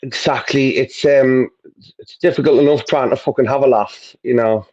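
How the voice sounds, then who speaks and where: A man on a livestream panel, calm and reasoning, with hesitant restarts. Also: mid-range voice, normal speed. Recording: dull lo-fi stream mic.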